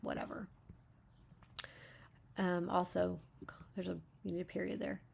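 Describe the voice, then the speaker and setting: A woman's voice: fairly low pitch, level tone, a little slow, creaky, darkish tone, a little hiss or hum. A woman reading a story aloud as a beta reader, breaking off to comment on the writing.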